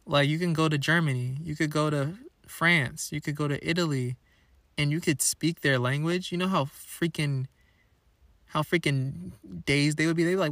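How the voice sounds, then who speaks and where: A young man rambles through questions on his own podcast, playful and full of slang. His voice sits a touch higher than most men's. The sound is close and dry, with no room echo. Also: normal speed, a bit bright. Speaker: podcast host. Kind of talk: casual solo podcast chat.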